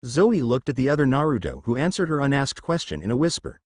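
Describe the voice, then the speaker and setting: A man reading a fan fiction story aloud as narrator in an expressive storytelling manner. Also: mid-range voice, fast, slightly rough.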